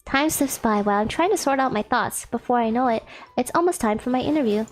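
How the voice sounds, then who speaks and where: A woman's voice: on the high side, expressive, fast talker, soft background music. A woman game streamer reading a visual novel aloud, playful and giggly, joking between the read lines.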